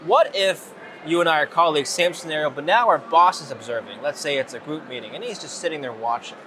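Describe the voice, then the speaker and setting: A man's voice: a little high, fast, sharp tone. A man working as a news anchor, interviewing a guest with direct, probing questions.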